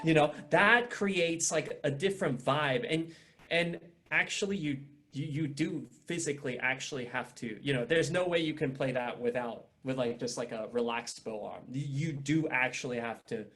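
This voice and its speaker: A man's voice: mid-range voice, moderate pace, a bit bright. A young man teaching an online violin masterclass, talking casually with many restarts and fillers.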